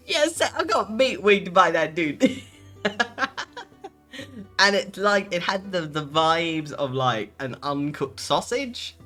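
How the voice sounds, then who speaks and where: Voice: mid-range voice, lively intonation, extremely slow, pauses often, fairly bright tone, soft background music. A VTuber streamer in casual live-stream chat, giggling and rambling while answering chat.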